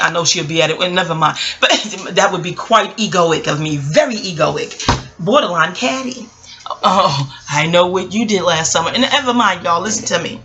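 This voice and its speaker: Bright-voiced chatty New York woman. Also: on the low side, normal speed. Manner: digressive, chatty, addresses viewers as y'all. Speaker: astrologer and vlogger. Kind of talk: casual rambling monologue.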